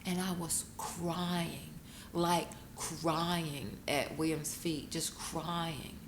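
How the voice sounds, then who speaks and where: A woman, a guest telling her story in an interview, emotional and quick to break into laughing retellings. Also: flat delivery. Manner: emotional, bursts into laughing high-pitched retellings. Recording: echoey room with noticeable noise.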